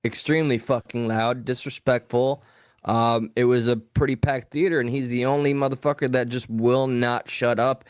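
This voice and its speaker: Male co-host, mid pitch, crisp dry studio sound, profane and blunt storyteller. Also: fairly even intonation, normal speed, no room sound. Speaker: podcast co-host. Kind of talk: casual live talk show storytelling.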